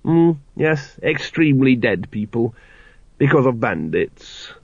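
A man's voice: mid-range voice, sing-song, gravelly, slightly rough, no room sound, exaggerated voice. A man doing a fumbling old dwarf father. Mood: awkward, gentle. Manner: hesitant, halting, slow. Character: elderly male dwarf father, worried, fumbling. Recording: dry, dull lo-fi audiobook recording.

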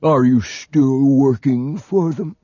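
A man voicing a cold, suspicious old slug lord who questions slowly. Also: medium pitch, warm tone, husky, dry recording, voice pushed up. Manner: slow, cold and probing. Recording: dull dry lo-fi audiobook recording.

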